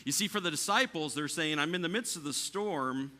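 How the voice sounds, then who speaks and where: Man, pastor, sermon, bright forceful tone, slightly high voice, builds to near shouting then drops quiet. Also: a little fast. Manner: rises to near shouting at peaks, drops quiet for calm lines. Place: church.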